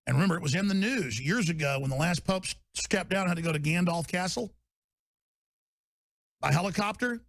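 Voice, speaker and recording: Gravelly, bellowing ranting man. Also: sits high, animated, fairly quick, no echo. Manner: fiery, bellowing, swings into shouts. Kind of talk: angry ranting monologue.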